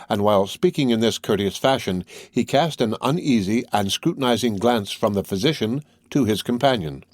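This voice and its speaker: A man reading a classic novel aloud as scripted narration, in a measured and even manner. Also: on the low side, no room sound, studio quality. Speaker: audiobook reader.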